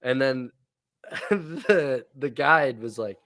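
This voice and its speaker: A man's voice: medium pitch, expressive, very slow, a bit bright. A young man co-hosting a podcast in casual chat, laid-back and crude, telling stories between laughs. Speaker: podcast co-host.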